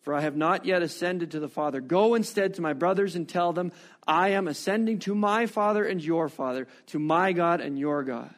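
A man voicing a calm, gentle teacher figure in a soft, solemn, measured way as he reads scripture in a sermon. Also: a little high, close to an everyday voice.

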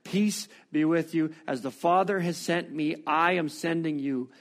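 A man voicing a calm, gentle teacher figure in a soft, solemn, measured way as he reads scripture in a sermon. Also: fairly high pitch, gravelly.

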